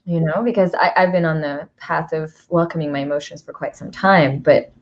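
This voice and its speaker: A woman's voice: low-pitched, fairly even intonation, a little fast, highs cut off, a little hiss or hum. A woman hosting a casual conversation, speaking in a reflective way and laughing easily. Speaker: host.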